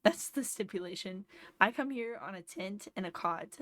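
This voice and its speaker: A woman's voice: mid-range voice, animated, moderate pace, fairly bright tone, a little hiss or hum. A tired woman streamer chatting casually while playing a game, thinking aloud and explaining tips. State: sleepy. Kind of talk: casual gameplay commentary.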